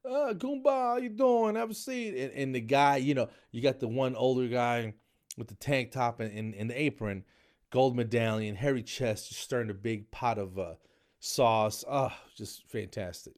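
A man's voice: medium pitch, fairly even intonation, moderate pace. A middle-aged man, telling rambling stories in a casual monologue and tossing in "man" and "dude".

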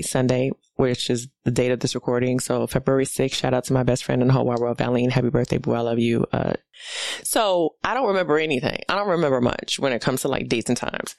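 A woman's voice: rumbling low, fairly even intonation, a little fast, a little mellow, no echo. A woman in her forties with a New York accent, a comedian ranting bluntly and profanely in a casual monologue. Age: 40s. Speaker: comedian hosting a podcast.

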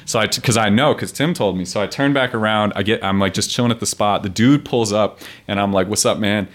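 A man's voice: lowish voice, fast. A man, a street poet guest on a podcast, telling stories in loose, profane, rambling casual chat.

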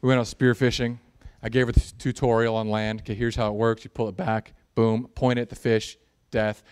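A man preaching a sermon, animated and jokey, building in intensity at times. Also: mid-range voice, a little fast, clear, resonant tone. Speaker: pastor.

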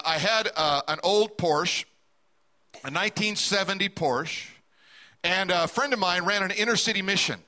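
A man's voice: sits high, sharp tone. A middle-aged man preaching a sermon as a pastor, telling a personal story and asking the congregation direct questions.

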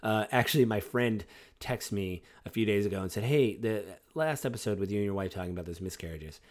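Male podcast host, forties, low voice, reflective rambling monologue. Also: fairly quick.

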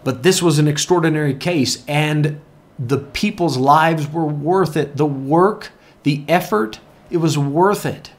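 A man's voice: on the high side, unhurried. A man preaching a sermon, telling a story earnestly and repeating key phrases for emphasis. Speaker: pastor.

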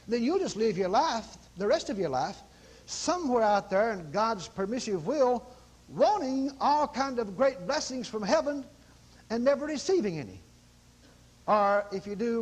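Man preaching, high and lively voice, folksy with dramatic outbursts. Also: slightly rough. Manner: folksy, dramatic, acts out quoted exclamations. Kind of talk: sermon.

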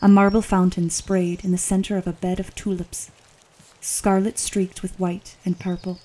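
A woman narrating an audiobook in a steady, descriptive reading. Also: fairly low pitch, normal speed. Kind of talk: scripted narration.

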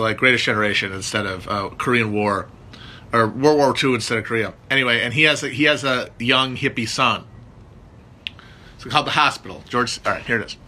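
Rambling, husky-voiced man chatting. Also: medium pitch, pushed and bright. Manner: rambling, heavy with fillers and restarts. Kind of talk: casual chat.

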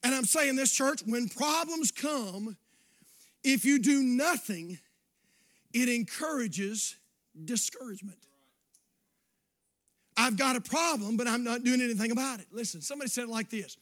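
A preacher man with a very high, bright voice. He preaches in a folksy way, sliding from hushed asides up to shouted appeals. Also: moderate pace, long pauses. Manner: folksy, swings between quiet asides and shouting. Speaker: pastor. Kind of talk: sermon.

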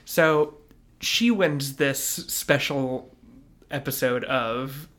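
A man's voice: medium pitch, very slow, a bit bright. A man co-hosting a casual podcast chat, rambling loosely with lots of fillers and casual swearing.

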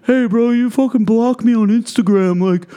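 A man putting on a high, whiny voice to play an indignant young gym bro who is complaining. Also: normal speed, dark tone, smooth.

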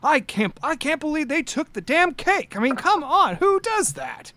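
A man's voice: extremely high pitch, big pitch swings, normal speed, pushed and bright, pitched above the performer's own voice, exaggerated voice. A man voicing an elderly, fired-up male knight who grumbles that the young have no respect. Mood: indignant. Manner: indignant, huffy.

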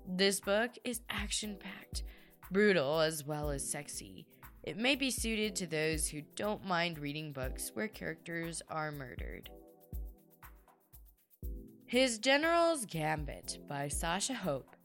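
A woman reading out a short book review in an expressive, promotional way. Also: lowish voice, takes it slowly, soft background music.

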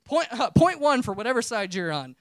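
Male preacher sharing a testimony, animated and chatty, dry close sound. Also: high-pitched, no room sound. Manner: conversational storytelling, self-interrupting. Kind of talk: personal testimony sermon.

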